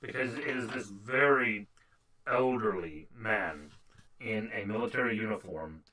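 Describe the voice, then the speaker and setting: A man's voice: fairly low pitch, unhurried, crowd noise, low-quality recording. A man running a tabletop game as game master, describing scenes with frequent restarts. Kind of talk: narrating a tabletop game over a call.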